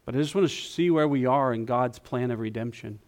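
A man preaching a sermon in a church, talking in a conversational, self-deprecating way and softening into quiet prayer. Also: medium pitch, brisk. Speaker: guest preacher. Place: church sanctuary.

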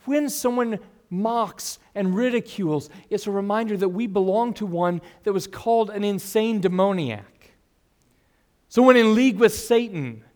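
A pastor preaching verse by verse to his congregation. His voice sits a little high for a man. He talks earnestly, pushing hard on key phrases and then dropping low and quiet for the asides. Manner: earnest preaching, swings between loud emphasis and hushed asides. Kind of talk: expository sermon.

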